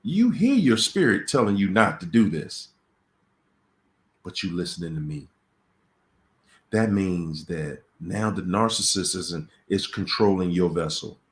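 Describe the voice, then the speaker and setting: On a live question-and-answer stream about relationships, a man talks in a low, very animated voice, unhurried and with few pauses. His manner is casual and conversational but dramatic, and he repeats phrases for emphasis and acts out the voices in quoted dialogue.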